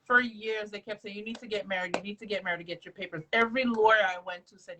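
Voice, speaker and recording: A woman's voice: medium pitch, steady tone, fast, few pauses, sharp tone, rough recording. A woman from Trinidad, hosting a casual faith conversation and telling her own story with emphasis.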